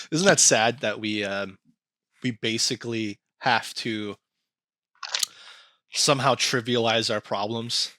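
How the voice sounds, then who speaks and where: Bright, dry-sounding podcast co-host man. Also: mid-range voice, slow, pauses often, no room sound. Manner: emphatic, hesitant, profane. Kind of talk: casual chat.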